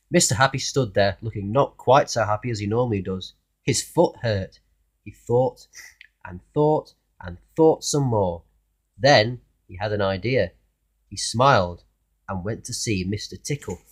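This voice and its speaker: A man reading a children's storybook aloud in an expressive way, asking the listener questions along the way. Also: on the low side, a little slow. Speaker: narrator reading a children's book.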